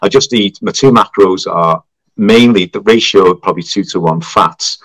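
Man telling an animated story. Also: low-pitched, moderate pace, no room sound, low-quality recording. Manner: animated, acts out quoted voices. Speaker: guest. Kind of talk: storytelling in casual conversation.

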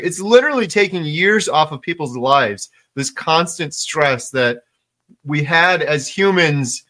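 Guy chatting on a podcast, kinda high bright voice, really emphatic. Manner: enthusiastic, emphatic, repeats words for stress. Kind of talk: casual interview chat.

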